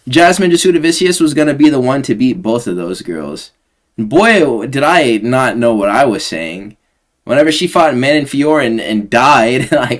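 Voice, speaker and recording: A young man hosting casual fight predictions, slangy, rambling and sarcastic. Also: mid-range voice. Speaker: host.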